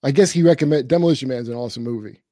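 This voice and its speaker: A man's voice: mid-range voice, racing, dark tone, no room sound, clean studio sound. A man in casual comedic banter as a sidekick, easygoing and reading out viewer comments. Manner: laid-back, laughs often, reads viewer comments. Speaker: sidekick and co-host.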